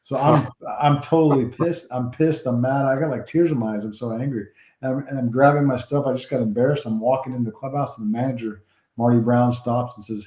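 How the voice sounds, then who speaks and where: A man in his forties, a former ball player, telling rambling, animated stories from his career in an interview. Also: medium pitch, quick pace, reverberant. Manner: rambling, animated anecdotes with restarts. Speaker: former baseball player, guest. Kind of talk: storytelling interview.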